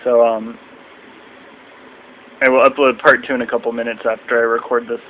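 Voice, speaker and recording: A young man in a casual, rambling video review at home, now and then mimicking people in shrill voices. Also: flat delivery, normal speed, narrow, tinny audio, slight background noise. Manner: rambling, acts out quotes in shrill mocking voices. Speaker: vlogger reviewing wrestling.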